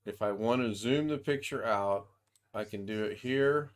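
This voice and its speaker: Guy on a video call showing software, kinda low voice, rambly, thinks out loud. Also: unhurried. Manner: thinks aloud, rambling with restarts. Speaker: software demonstrator. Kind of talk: casual screen-share tutorial.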